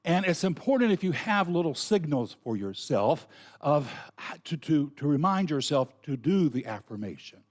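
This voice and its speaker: A middle-aged man with a Southern US accent giving an earnest, folksy, conversational sermon with asides. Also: on the high side. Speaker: minister.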